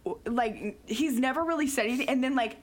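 A young woman co-hosting a podcast in a casual chat, animated and full of "like" and quick restarts. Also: sits high. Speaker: podcast co-host.

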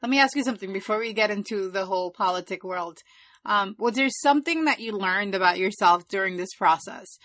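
A woman's voice: mid-range voice, a little fast, a bit bright, no echo. A middle-aged woman hosting a podcast, chatting casually and reflectively with fillers. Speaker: podcast host. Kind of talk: casual chat.

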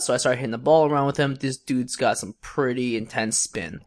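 A young co-host on a podcast spins a story in casual chat, an animated, rambling storyteller with many fillers and restarts. He talks briskly at medium pitch.

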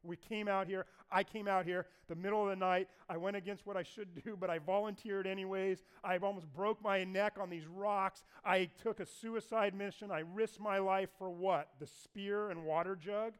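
A man preaching a sermon to a congregation. He tells the story in a lively way and acts out the voices of the figures. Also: high-pitched, moderate pace, few pauses, smooth. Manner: animated storyteller acting out voices. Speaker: pastor.

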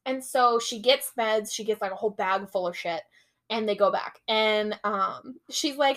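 A woman's voice: medium pitch, moderate pace, fairly bright tone. A young woman hosting a casual podcast, retelling a novel's plot with quoted voices and frequent swearing. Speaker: podcast host. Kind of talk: casual book recap chat.

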